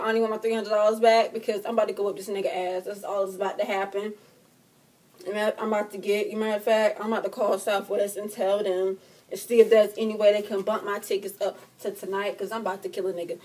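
A young woman vlogging a profane, dramatic comedic rant, swinging between loud outbursts and quiet hurt. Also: mid-range voice, little pitch movement, fast.

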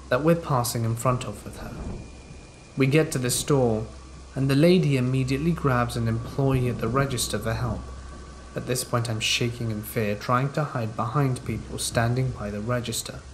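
A man's voice: mid-range voice, a little hiss or hum, low-quality recording. Man narrating horror over rain. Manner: measured, steady storytelling. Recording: rain sounds under the narration.

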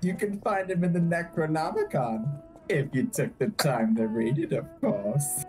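A man putting on a drawn-out, high old grandmother voice, bragging as a joke. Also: darkish tone, faint music behind, close to an everyday voice. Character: proud old grandma, mock-sinister brag.

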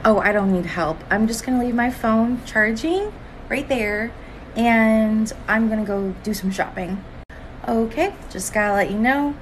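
A woman's voice: mid-range voice, a little hiss or hum, natural voice, poor audio. A woman acting out a patient, firm sandwich shop worker and a demanding, threatening customer in a comedy skit.

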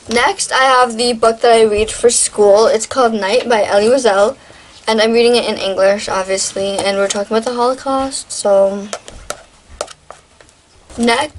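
A woman's voice: medium pitch, noisy background. A teenage girl in a casual show-and-tell vlog, talking in a chatty, rambling way with lots of fillers and restarts. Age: teens. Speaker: vlogger.

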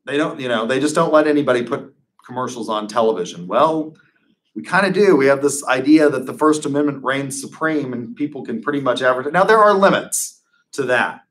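A man's voice: mid-range voice, fairly quick, a bit bright. A man giving a conversational classroom lecture as a professor, full of wry, digressive asides.

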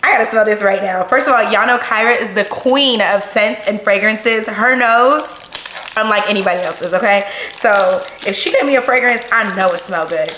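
A woman, chatting excitedly to viewers while unboxing gifts at home, gasping and gushing as she goes. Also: medium pitch, normal speed. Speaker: vlogger. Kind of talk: casual unboxing vlog. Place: room at home. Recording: echoey room with background noise.

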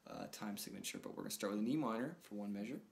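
A man's voice: on the low side, very fast, gravelly. A man giving a casual guitar lesson, counting beats aloud and calling out chords as he plays. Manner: relaxed, counts beats aloud over strumming. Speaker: guitar teacher. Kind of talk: casual instructional talk. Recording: talk over loud acoustic guitar.

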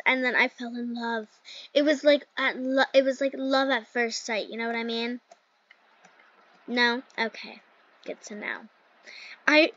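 A woman's voice: a little high, a bit bright, dry recording. A woman hosting a gaming channel, chatting casually and giggling through gameplay commentary with lots of "like" fillers. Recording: dull lo-fi dry sound.

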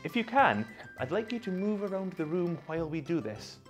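A man's voice: high-pitched, very animated, brisk, faint music behind. A man leading a guided movement lesson for young children, coaxing them through call-and-response in a sing-song way. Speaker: children's movement session leader.

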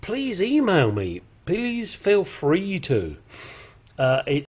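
Man, husky voice, slow unhurried delivery, casual car repair walkthrough. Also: sits high, huge pitch swings. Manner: chatty, swears casually, rambles with asides; puts on a silly accent at times. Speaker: home mechanic channel host. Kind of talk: casual how-to narration while working.

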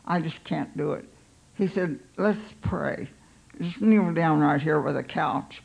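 An older woman, a pastor's wife, telling her life story in an unhurried, halting way, voicing her own thoughts aloud. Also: sits low, vocal fry, slightly rough, dull audio.

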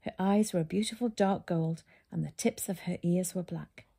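A woman narrating a children's book in a steady storytelling manner. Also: fairly low pitch, normal speed, vocal fry, breathy edge.

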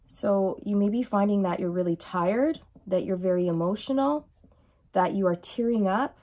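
Mellow-voiced emotional tarot reader woman. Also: mid-range voice, normal speed. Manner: soft, emotional, reassuring, repeats "okay?". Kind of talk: channeled tarot reading.

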